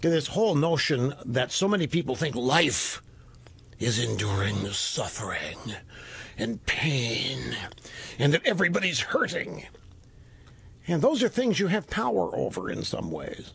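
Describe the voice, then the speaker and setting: A man's voice: moderate pace, creaky, husky. A man in his sixties hosting a call-in radio talk show, talking in an emphatic, opinionated way. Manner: emphatic, animated, sweeping pitch swings. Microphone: studio microphone. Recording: dry close studio sound.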